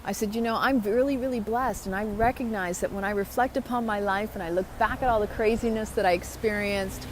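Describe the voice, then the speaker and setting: A woman's voice: mid-range voice, fairly quick, a little hiss or hum. A woman talking to her viewers in a motivational vlog, upbeat and chatty. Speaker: vlogger. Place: outdoors.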